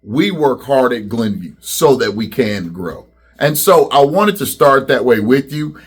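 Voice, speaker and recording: A man's voice: mid-range voice, very animated, measured pace, husky. A middle-aged man, a school principal, addressing students in a welcome video and leading them in call-and-response chants.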